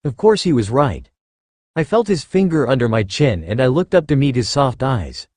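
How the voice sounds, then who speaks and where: A man narrating a first-person fan fiction story in an expressive reading style. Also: mid-range voice, normal speed, dry recording, clean studio sound.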